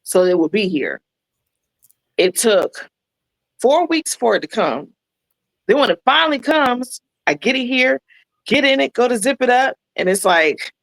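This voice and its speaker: A woman's voice: medium pitch, animated, normal speed, gravelly, fairly bright tone, dry recording, poor audio. Woman guest telling a story, chatty, dry close mic sound. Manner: chatty storyteller, addresses listeners as "y'all". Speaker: guest, maid of honor. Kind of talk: casual chat.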